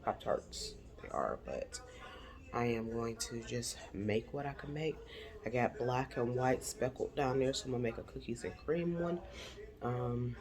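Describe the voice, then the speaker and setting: Slow, rambling, breathless crochet vlogger. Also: medium pitch. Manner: rambling, thinking aloud. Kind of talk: casual chat.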